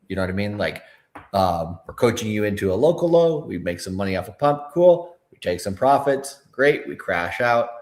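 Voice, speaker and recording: A man co-hosting a livestream, talking loosely with frequent filler words and swearing. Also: low voice. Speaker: co-host of a crypto livestream. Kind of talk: casual livestream chat.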